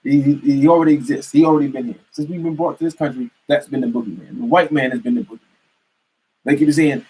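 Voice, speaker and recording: Husky male commentator, emphatic and preachy, casual rant. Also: mid-range voice, fairly even intonation, fast, mellow, poor audio. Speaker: political commentator. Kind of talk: casual political rant to camera.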